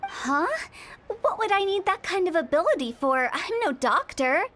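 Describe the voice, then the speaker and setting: A woman's voice: very high voice, sing-song, normal speed, a bit bright, slight background noise, full character voice. A woman voicing a playful, mischievous young funeral director in a video game, talking with teasing, giggly sales patter. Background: game music.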